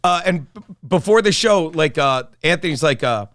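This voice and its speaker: High-voiced man telling a rambling story. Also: lively intonation, moderate pace, fairly bright tone, dry recording. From South Jersey, United States. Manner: rambling, profane, long-winded storytelling. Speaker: podcast co-host and comedian. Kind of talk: casual chat.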